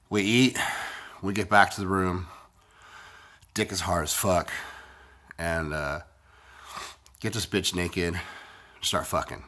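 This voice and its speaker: A man with a low voice that still has a bright, forceful edge rambles through a crude story. He sounds sick and congested, swears constantly, and talks bluntly in a casual way. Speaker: vlogger.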